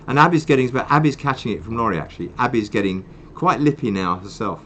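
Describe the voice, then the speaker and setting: A man's voice: mid-range voice, expressive, fast, hardly any pauses, fairly bright tone, a little hiss or hum. An older man hosting a charity live stream, chatting in a rambling, self-mocking way. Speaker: charity host. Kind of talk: casual live-stream chat.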